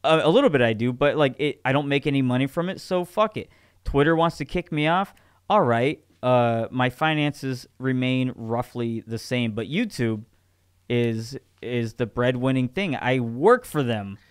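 A man co-hosting a casual podcast, with a smooth, resonant voice recorded close and dry. He rambles emphatically, swears freely and restarts his sentences often. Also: medium pitch, normal speed, dry recording. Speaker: podcast co-host.

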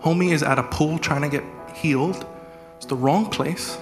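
A man preaches with animated energy, his voice sitting a little high. He speaks from a church sanctuary with a long echo. Guitar plays clearly behind him. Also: normal speed. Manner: animated preaching, acts out prayers in a raised voice. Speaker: executive pastor. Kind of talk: sermon. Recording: reverberant church hall with music.

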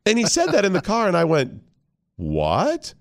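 A man's voice: high-pitched, fast, gravelly, no echo, studio quality. A middle-aged man hosting morning radio, telling family stories in casual banter and acting out the people he quotes. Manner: storytelling with animated voices for quoted people. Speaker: radio show host.

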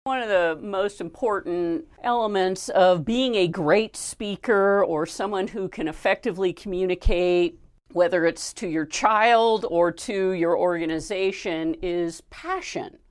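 A woman's voice: on the low side, unhurried. A woman hosting an interview who asks long, thoughtful questions. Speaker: interview host. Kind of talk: conversational interview.

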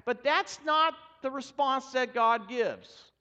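A male pastor preaching a sermon in a church, in an animated, folksy and humorous way. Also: very high-pitched, takes it slowly, hardly any pauses, clean tone. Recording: dull sound with long hall reverb.

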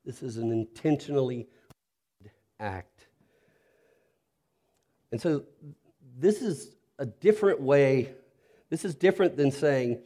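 A pastor gives an earnest, reflective sermon in an animated, medium-pitched voice, speaking slowly with long pauses. He shifts to a soft, intimate tone when talking directly to listeners.

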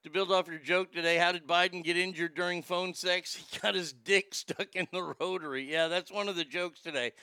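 A man's voice: high-pitched, fairly even intonation, fairly quick, few pauses, sharp tone, clear, resonant tone, no room sound, clean studio sound. A man hosting a casual comedic talk show, laughing often and telling crude jokes. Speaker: host.

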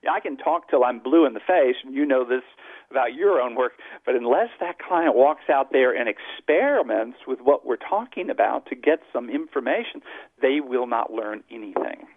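A man's voice: mid-range voice, expressive, normal speed, husky, dry recording. A man who is a psychologist and author, explaining earnestly in a phone-in radio interview. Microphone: telephone. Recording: tinny dry phone line.

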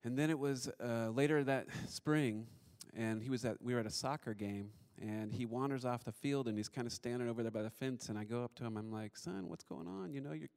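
A man's voice: mid-range voice, fairly even intonation, brisk, hardly any pauses, a little mellow. A man in his thirties telling a personal story to an audience, conversational and self-deprecating, with many fillers.

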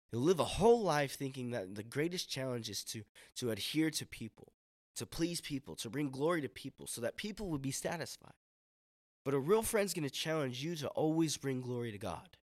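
A man's voice: mid-range voice, no room sound. Casual-talking man preaching, dry sound. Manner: conversational, uses casual slang like "bro" and "man"; acts out quoted friends in voices. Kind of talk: sermon.

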